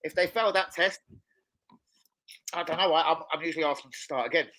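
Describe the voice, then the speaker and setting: A man's voice: on the high side, brisk, low-quality recording. A man hosting a football watch-along, rambling and swearing freely in casual chat. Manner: rambling, excitable, swears a lot. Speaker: chef.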